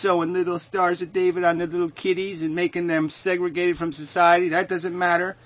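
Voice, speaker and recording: Man, angry ranting commentary, profane, sarcastic, fairly high voice, phone-like tinny audio. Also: flat delivery, fairly quick. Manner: profane, sarcastic, shouting in bursts. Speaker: video commentator.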